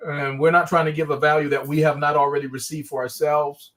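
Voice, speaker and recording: Male pastor host, slightly high voice, affirming and upbeat. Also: level tone, brisk, fairly bright tone. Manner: affirming, encouraging. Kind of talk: hosting a live call.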